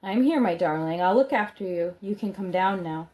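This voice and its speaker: A woman's voice: fairly low pitch, lively intonation, moderate pace, darkish tone, natural voice. A woman reading a soothing grandmother. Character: caring grandmother comforting her grandson.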